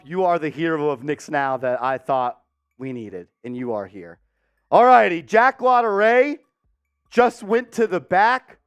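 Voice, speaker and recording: A man hosting a casual live stream with a high, smooth voice. He talks slowly and warmly and calls out his viewers one by one. The sound is close and dry. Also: no echo. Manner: warm-hearted, giving viewers shout-outs. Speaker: sports show host.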